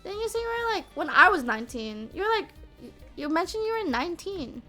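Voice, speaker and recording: A woman in her twenties talks casually to her stream chat in a high, bright, sharp-edged voice. She fills her speech with "like" and a questioning "yeah?". Soft music plays quietly underneath. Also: sing-song, brisk. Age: 20s. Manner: chatty, peppers speech with "like" and "yeah?".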